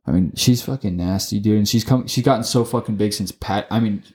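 Excitable, foul-mouthed male podcaster. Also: lowish voice, a little fast. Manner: profane, excitable, trips over words. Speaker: podcast co-host. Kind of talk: casual sports podcast chat.

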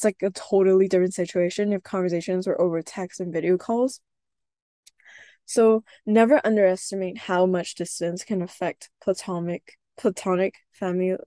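Soft, earnest young woman, mellow tone. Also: mid-range voice, no echo. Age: young adult. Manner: soft-spoken, earnest, with hesitant restarts. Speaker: podcast host. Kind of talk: personal reflective podcast talk.

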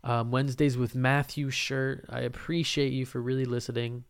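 At a moderate pace, a young male podcast host speaks in a clean, mid-range voice with little pitch movement. He rambles casually and swears freely into his mic, relaxed and often laughing, in a solo podcast monologue.

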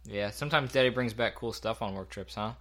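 A man co-hosting, chatting playfully with his young son and asking him gentle, coaxing questions. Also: on the low side, a little fast. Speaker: co-host and father. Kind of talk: playful chat with a toddler.

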